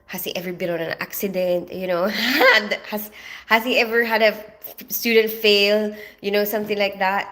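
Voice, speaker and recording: A woman's voice: mid-range voice, a bit bright. A woman from the Philippines, chatting casually on a livestream in a rambling way, full of fillers. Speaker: livestreaming vlogger.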